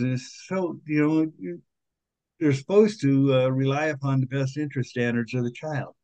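A man talks in an earnest, indignant way, pausing often on fillers as he makes his case. His voice sits at an ordinary pitch. The recording is dry and a bit dull, with no room sound. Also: fairly even intonation, warm tone, dry recording. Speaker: podcast guest, author and activist. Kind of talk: conversational interview.

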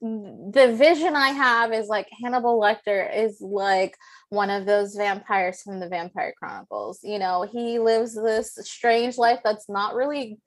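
A woman co-hosting a podcast, chatting about a film in a giggly, expressive way with plenty of "like". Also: medium pitch, unhurried. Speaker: podcast co-host. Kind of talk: casual film-discussion chat.

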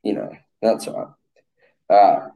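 A man's voice: a little slow, mellow, highs cut off. A laid-back Australian man hosting a casual interview chat, bantering easily. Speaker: podcast host.

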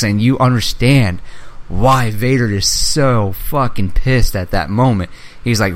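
A young man with a slightly low voice talks in a loose, casual chat, getting carried away with enthusiasm. He swears freely and slips into little impressions of movie characters as he retells scenes. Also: measured pace. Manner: excitable fan, swears freely, acts out movie lines.

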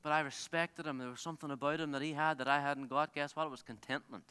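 A man preaching a sermon as pastor, telling stories in an animated way with many restarts. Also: on the high side, quick pace, slight background noise. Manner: animated storytelling, self-interrupting with restarts and laughs. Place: large theatre used as a church. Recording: long hall reverb.

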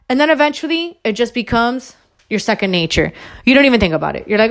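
Woman ranting on her podcast, kinda high voice, swears a lot, repeats herself for emphasis, bit out of breath. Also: expressive, brisk. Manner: blunt, swears freely, emphatic repetition. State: a little out of breath. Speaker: podcast host. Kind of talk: solo motivational rant.

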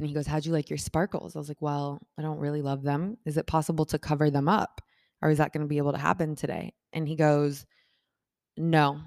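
A woman telling a personal story in a casual chat, animated and acting out the voices of the people in it, with lots of "like" and "I'm like" fillers. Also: no echo, studio quality. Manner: animated, acts out quoted voices with big shifts in pitch and loudness; talks with many fillers like "like" and "I'm like".

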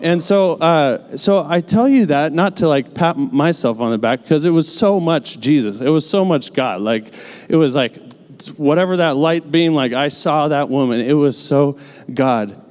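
A man tells a sermon story in a loose, conversational way, leaning on lots of "like" and "you know." His voice is mellow and dark. The sound rings with the long reverb of a large hall. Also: a little high, normal speed. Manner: casual, filler-heavy storytelling with many "like"s.

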